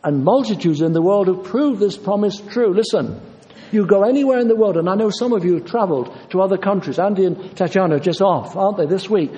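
Earnest preacher in a hall. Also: male voice, high-pitched, animated, fairly quick, dark tone, lo-fi sound. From Yorkshire, England. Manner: earnest, insistent, repeating phrases for emphasis. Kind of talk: sermon. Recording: long reverb of a large hall.

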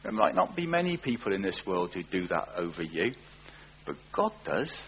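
A man preaching a sermon, earnest, often slowing down and repeating words for emphasis. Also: sits low, sing-song. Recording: dull lo-fi recording with faint hum.

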